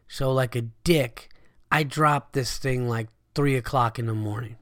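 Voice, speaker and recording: A man hosting a podcast, telling a story casually, animated and swearing freely, loudly acting out his friends' lines. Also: mid-range voice, a little slow, dry recording, clean studio sound. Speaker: podcast host.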